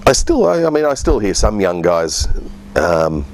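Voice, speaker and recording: Deep-voiced older man chatting. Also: a little slow. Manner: relaxed, rambling, chatty. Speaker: voice artist and comedian guest. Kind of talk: interview answers. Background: music.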